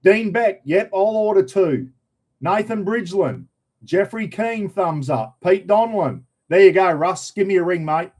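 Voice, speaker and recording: A middle-aged Australian man talks casually to his livestream audience in a fairly high voice. He rambles from one story to the next, full of slang, and keeps addressing his viewers as everyone. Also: expressive, unhurried, darkish tone. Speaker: livestream host.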